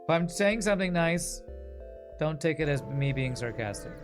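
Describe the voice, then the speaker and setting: A man's voice: on the high side, expressive, normal speed. A man streaming a game, chatting casually and sarcastically with his viewers while he plays. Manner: sarcastic, joking, talks to chat. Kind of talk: casual gameplay commentary with chat. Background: game music.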